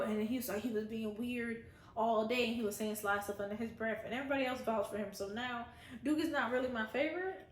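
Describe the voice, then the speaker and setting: A woman's voice: on the high side, quick pace, slight background noise. Chatty woman reviewing a show, echoey room. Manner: chatty, opinionated, quotes others in voices. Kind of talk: casual chat.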